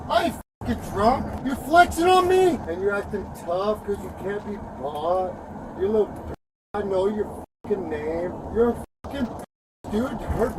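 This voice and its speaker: A drunk arrested man in the back of a police car, shouting and taunting furiously and repeating himself. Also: extremely high pitch. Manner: furious, yelling, repetitive taunting. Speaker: arrested suspect. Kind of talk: shouted profane tirade. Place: back seat of a patrol car. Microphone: in-car police camera. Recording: distant in-car camera with road noise.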